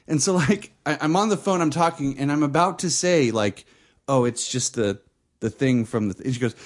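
A man casually telling a funny story on a podcast, jumping high when he imitates someone. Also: moderate pace. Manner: animated, shrieks when mimicking his girlfriend. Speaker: podcast co-host.

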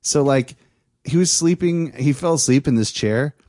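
A man's voice: mid-range voice, normal speed, dark tone, no echo, clean studio sound. A man co-hosting a casual podcast chat, telling a rambling childhood story and laughing at it. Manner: rambling storyteller, laughs at his own stories. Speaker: podcast co-host.

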